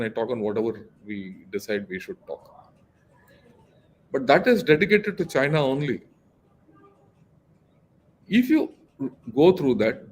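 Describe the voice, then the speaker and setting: Emphatic older man lecturing. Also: medium pitch. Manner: lecturing, emphatic, many fillers and restarts. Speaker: retired army general, guest analyst. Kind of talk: casual discussion.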